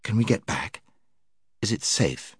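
A plucky, fearless young schoolgirl, read by a man in a low, deep voice. She speaks briskly with a touch of indignation, a storybook character on a dry, close recording. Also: expressive, slightly rough, no room sound, exaggerated voice. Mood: plain.

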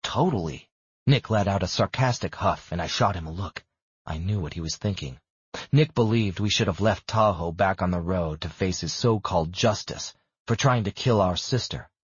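A man narrating a first-person audiobook in a steady, even reading. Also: low voice, normal speed, slightly rough, no echo, lo-fi sound.

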